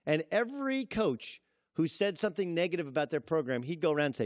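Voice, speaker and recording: A man's voice: a little high, very animated, quick pace, dry recording, studio quality. A man hosting a sports talk show, delivering an emphatic opinion monologue and acting out quotes in different voices.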